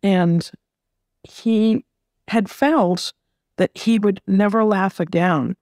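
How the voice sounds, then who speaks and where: A middle-aged woman being interviewed, telling a personal story in a gentle, reflective way and often repeating words as she gathers her thoughts. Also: mid-range voice, slow, no echo, studio quality. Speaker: interview guest.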